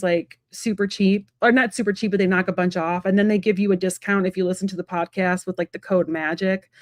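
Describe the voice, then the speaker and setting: A woman giving a live-stream tarot reading from home, talking fast and rambling in a chatty way with many fillers. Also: mid-range voice, a little mellow, no room sound, clean studio sound. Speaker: psychic medium and tarot reader.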